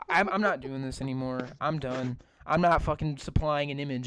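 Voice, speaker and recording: A man's voice: mid-range voice, moderate pace, fairly bright tone, a little hiss or hum. A man hosting a casual podcast, ranting in exasperation and swearing a lot as he talks. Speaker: podcast host. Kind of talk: casual profane podcast chat.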